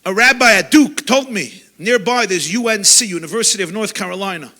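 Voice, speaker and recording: A male rabbi preaches with fervor, his voice high and bright. He swings between loud, urgent outbursts and quiet, hushed passages as he speaks to a gathering. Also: a little fast. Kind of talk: sermon. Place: lecture gathering.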